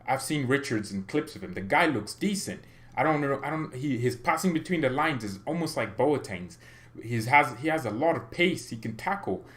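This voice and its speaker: A man hosting a football fan livestream, talking in a rambling, excitable way with lots of restarts. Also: mid-range voice, moderate pace. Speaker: fan channel host.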